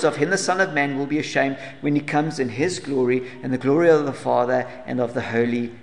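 A man preaching a sermon earnestly, asking rhetorical questions and dropping to soft asides. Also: medium pitch, steady tone, brisk, gravelly, hardly any pauses, long reverb tail. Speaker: pastor.

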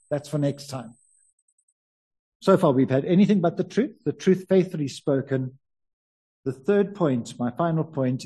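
A man with a South African accent preaching a conversational sermon, slowing down on key words. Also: on the high side, warm tone, slightly rough. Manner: conversational, varies emphasis, stretches key words.

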